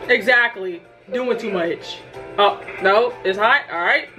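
A woman's voice: medium pitch, slow, music in the background. A young woman hosting a reaction channel, chatting casually with sassy, incredulous asides.

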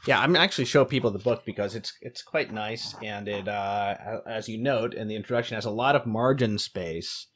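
A man's voice: on the low side, brisk, hardly any pauses, a bit bright. A man hosting a podcast, talking hesitantly and searching for words with many fillers. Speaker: podcast host. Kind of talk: podcast conversation.

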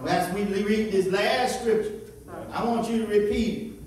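A man with a Southern US accent preaching a call-and-response sermon as pastor, exhorting in rhythmic, drawn-out phrases. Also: high voice, fairly even intonation, a little mellow, a little hiss or hum. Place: church sanctuary. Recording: echoey church hall from far off with congregation.

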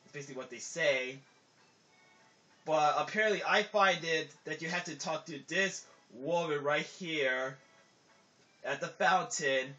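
His voice sits on the high side, pushed and bright, and he talks a little slowly. This let's play commentator rambles casually through the game, full of filler and unfinished sentences, in a dull lo-fi recording backed by game music.

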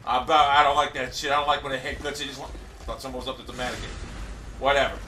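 A man commentating his own gameplay live, cursing and boasting, often breaking into frustrated shouting. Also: mid-range voice, level tone, racing. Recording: echoey room, distant mic, faint hiss.

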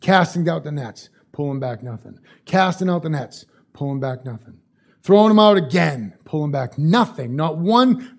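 A man's voice: fairly high pitch, expressive, moderate pace, gravelly. Casual, chatty male pastor. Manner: casual, conversational, repeats phrases for emphasis. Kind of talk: sermon.

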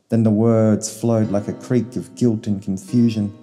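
A man reading a short story in slow, solemn narration. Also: fairly low pitch, fairly even intonation, mellow. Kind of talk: scripted narration. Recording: long reverb, faint guitar music.

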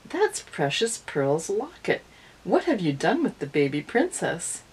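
A woman voicing a flustered, dramatic young male prince in a storybook reading, with a husky voice. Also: on the low side, wildly swooping pitch, unhurried, darkish tone, heavily acted.

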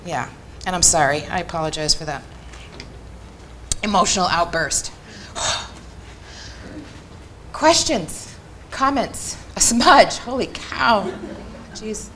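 At a community workshop, a woman with a lowish, slightly bright voice gives an impassioned talk to a live audience in a meeting room, frequently checking in with "right?". She speaks earnestly and emphatically into a microphone, with slight background noise.

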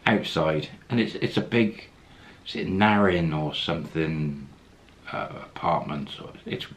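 A man's voice: very deep voice, unhurried. A man casually telling a travel story, acting out the quoted lines as he goes. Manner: anecdotal, acts out quoted lines, chuckles.

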